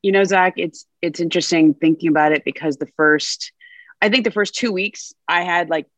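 A woman's voice: fairly low pitch, moderate pace, a bit bright, no echo. A woman in her thirties, a reporter guest on a podcast, animatedly recounting a story. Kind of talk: casual conversation.

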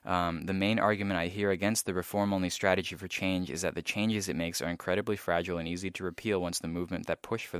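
Low, bright-toned man, thoughtful. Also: smooth, no echo, clean studio sound. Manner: thoughtful, halting with many ums. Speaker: podcast co-host. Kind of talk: casual discussion.

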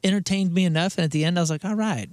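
Fast-talking higher-voiced co-host. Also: male voice, flat delivery, a little mellow, clean tone, dry recording. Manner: quick, rambling, repeats himself. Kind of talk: casual podcast chat.

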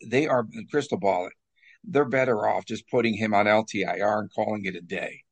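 A man co-hosting a casual hockey talk show, jokey and quick to laugh at his own bits. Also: fairly low pitch, breathy edge. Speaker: sports talk co-host.

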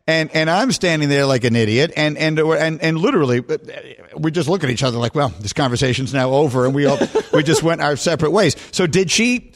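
Middle-aged male sports talk host with a slightly high voice; animated storyteller. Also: brisk, hardly any pauses. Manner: animated storyteller, voice jumps high when quoting.

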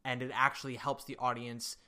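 A man's voice: medium pitch, flat delivery, brisk, bright, forceful tone, clear, resonant tone. A man co-hosting a podcast, chatting casually and with opinions. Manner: opinionated, enthusiastic theater talk. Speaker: podcast co-host. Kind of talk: casual chat.

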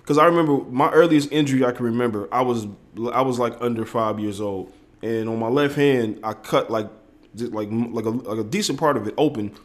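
A man co-hosting a relaxed podcast, speaking at a middle pitch in a laid-back, slangy way. He swears freely and throws in animated impressions of the people in his stories. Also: fairly quick. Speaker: podcast co-host. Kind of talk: casual conversation.

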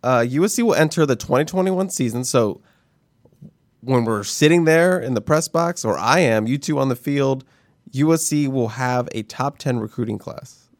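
A man's voice: mid-range voice, moderate pace, no room sound, clean studio sound. A man hosting a casual sports podcast, reading out predictions in an offhand way with a laugh in his voice. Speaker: show host.

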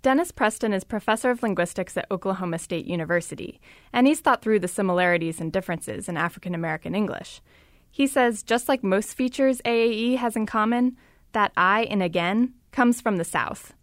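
A woman's voice: mid-range voice, brisk, no echo, clean studio sound. A woman reporter giving scripted, conversational podcast narration.

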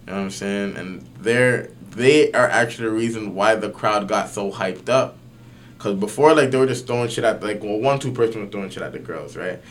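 A young man, slightly low-voiced, chats on a podcast in loose slang, swearing and stacking fillers as he tells his story. His pitch leaps when the excitement builds. A faint hum sits under the recording. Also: a little fast. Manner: slangy, animated, swears often, many fillers. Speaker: podcast guest. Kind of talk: casual storytelling chat.

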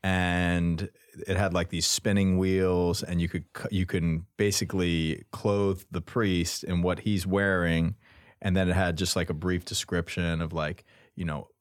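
A male podcast co-host with a very low voice. He talks in a measured, thoughtful way during casual chat. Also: level tone, smooth.

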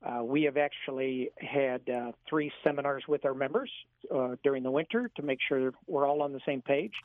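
A man answering interview questions as a golf club professional, measured and matter-of-fact, on a phone line. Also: medium pitch, no echo.

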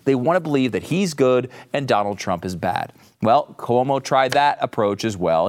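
A man's voice: medium pitch, expressive, moderate pace. A middle-aged man hosting an opinion show, talking in a sarcastic, ranting way. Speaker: host.

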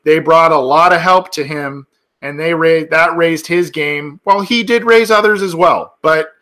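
A male podcast host in loose, casual sports talk, full of ums and restarts. His voice is bright and forward, and it sits a little above the usual male pitch. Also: a little slow. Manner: chatty, many fillers and restarts.

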